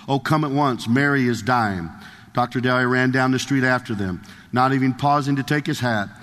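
A man's voice: mid-range voice, a bit bright, big-room sound. A male preacher delivering a sermon, reading a story aloud in an earnest, emphatic way.

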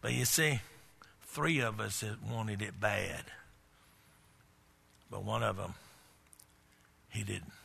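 A man preaching a sermon in a folksy manner, building up to shouted emphasis. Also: fairly low pitch, slow pace, creaky, pauses often, breathy edge, big-room sound.

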